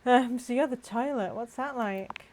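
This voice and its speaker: A woman playing a dating video game, joking with a dry, deadpan delivery. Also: fairly high pitch, measured pace, slight background noise. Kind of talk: casual game commentary.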